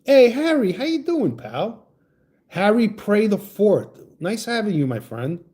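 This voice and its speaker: Fired-up ranting man, high and swinging. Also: sing-song, unhurried, mellow. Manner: heated, profane, stammering restarts. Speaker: livestream host reading chat. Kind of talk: ranting political livestream chat.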